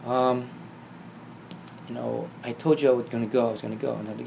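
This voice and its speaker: A man telling a personal story in casual conversation, acting out the quoted dialogue with lively shifts. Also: mid-range voice, brisk, gravelly, a little hiss or hum. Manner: animated, acts out quoted dialogue. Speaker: guest telling his story.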